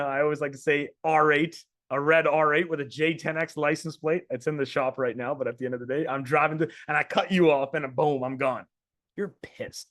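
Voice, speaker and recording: A men's coach gives a motivational talk on a group call, speaking casually and bluntly with some swearing and repeated words. His voice is fairly high and a bit bright, recorded in studio quality with no echo.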